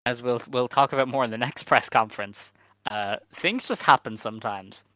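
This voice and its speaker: A man co-hosting a casual podcast, walking through the news in a steady, methodical way with "um" fillers. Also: mid-range voice, normal speed, dry recording. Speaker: podcast co-host.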